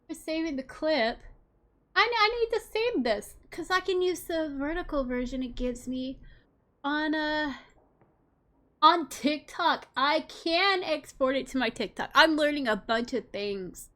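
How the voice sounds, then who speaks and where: Excitable woman streamer with a high voice. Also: unhurried. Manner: excitable, exclaiming to chat. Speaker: game streamer. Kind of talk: casual live-stream commentary.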